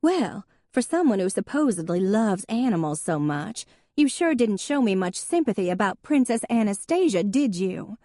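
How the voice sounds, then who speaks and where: High prim voice, fussy flustered woman, quavery, read by a woman. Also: lively intonation, a little slow, warm tone, no room sound, studio quality. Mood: prickly. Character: fussy, easily flustered older sister.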